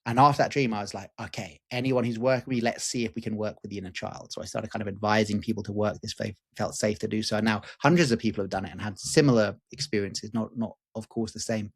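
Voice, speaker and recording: A man in his forties, a guest teacher, telling a personal story in an animated, candid way with casual swearing and fillers. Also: lowish voice, fast, hardly any pauses, slightly rough. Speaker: guest, lucid dreaming teacher.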